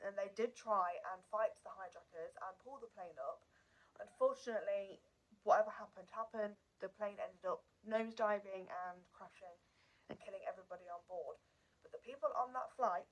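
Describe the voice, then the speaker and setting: A woman's voice: medium pitch, fairly bright tone, slightly rough, rough recording. A woman hosting a true crime channel, telling the story in a casual, unscripted way. She is earnest and emotional and repeats words for emphasis.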